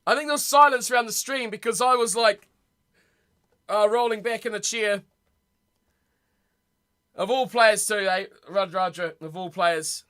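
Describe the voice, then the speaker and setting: A young man rambles and reacts aloud to his chat, excitable and chatty. His voice sits high and sounds bright and lively. He talks casually, like a live streamer at home. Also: a little slow, long pauses. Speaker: streamer hosting a rugby watch party. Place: home room.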